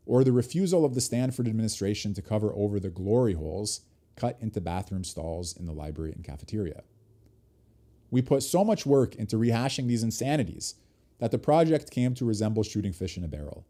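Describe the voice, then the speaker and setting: A man with a fairly low voice reads an article aloud for a livestream audience. His tone is mellow and dark rather than bright. Every so often he breaks from the text to add a short remark of his own before reading on.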